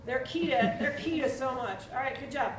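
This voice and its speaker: A woman teaching a live percussion clinic to students, energetic and coaxing, often asking the room questions. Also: sits high, moderate pace, background noise. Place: school band room with students. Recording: echoey room from far off, with drumming.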